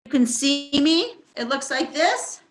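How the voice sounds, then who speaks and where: Slow, soft-spoken woman yoga teacher. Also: sits high, lively intonation. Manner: soft, gentle, slow guidance. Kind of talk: guided online yoga session. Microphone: headset.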